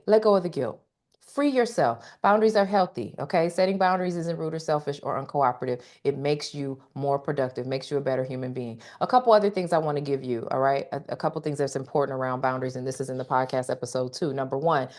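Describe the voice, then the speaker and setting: A woman leading a live online coaching session, speaking straight to her audience with emphatic repetition and frequent "okay?" check-ins. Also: low-pitched. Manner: emphatic, repeats key phrases, checks in with "okay?"; talks directly to the audience. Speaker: workshop speaker.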